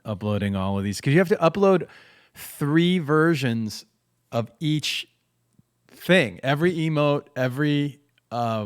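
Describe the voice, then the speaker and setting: A man's voice: medium pitch, clear, resonant tone. A man streaming a live music jam, chatting casually with his viewers and muttering to himself as he fiddles with cables and keyboards in a home studio. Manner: rambling, muttering to himself while fiddling with gear; chats with viewers, self-deprecating. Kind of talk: casual livestream chat.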